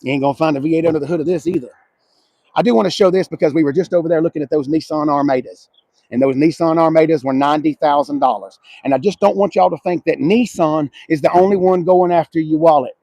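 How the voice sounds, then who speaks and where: Man, middle-aged, high voice, husky, profane joking car reviewer, outdoor car lot. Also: fairly even intonation, quick pace, dry recording, low-quality recording. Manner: profane, mocking, loud joking rants. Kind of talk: casual walkaround car review.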